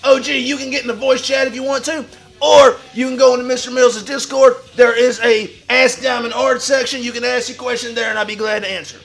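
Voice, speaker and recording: A man with a strikingly high, gravelly voice holds forth like a wrestling promo on his own livestream. He is boastful and foul-mouthed, and he breaks into shouts. His tone is bright and forceful. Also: steady tone, brisk, soft background music. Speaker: livestream host in a wrestler persona. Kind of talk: brash wrestling promo talk.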